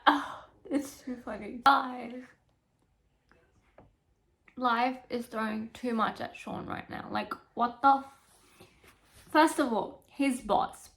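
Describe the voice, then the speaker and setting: A young woman chatting casually in a book vlog, animated and emotional, swearing freely as she gushes about characters. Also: on the high side, slow, long pauses. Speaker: book vlogger. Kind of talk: casual chat.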